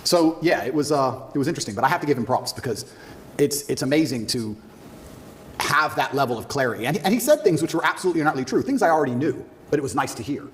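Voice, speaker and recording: A man as a podcast guest, telling a story in an animated way, laughing as he goes. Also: mid-range voice, fast talker, a little hiss or hum. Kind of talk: storytelling in an interview.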